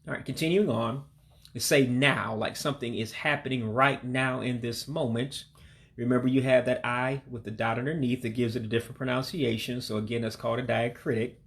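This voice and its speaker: Man teaching words patiently, repeating slowly. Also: mid-range voice, steady tone. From heritage learner of Igbo descent. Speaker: language learner teaching vocabulary. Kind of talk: language lesson.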